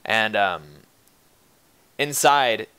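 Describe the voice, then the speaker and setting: A man running a tabletop game in a bright, forward voice. He narrates casually, rambling a little with fillers as he builds the scene. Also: fairly low pitch, drawn-out words, clear, resonant tone. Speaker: game master.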